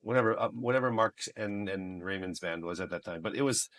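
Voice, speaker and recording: A man raised in the United States, telling stories as a guest on a podcast, joking and animated. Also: lowish voice, brisk. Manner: animated, joking, mixes in Filipino phrases. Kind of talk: casual interview storytelling.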